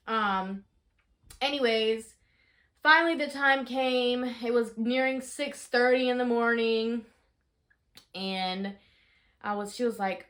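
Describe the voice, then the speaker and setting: A young woman in her twenties, telling a story casually in a vlog, chatty and full of fillers, shouting out the dramatic parts. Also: on the high side, normal speed. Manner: chatty, animated, lots of fillers, rises to shouting in re-enactments. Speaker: vlogger.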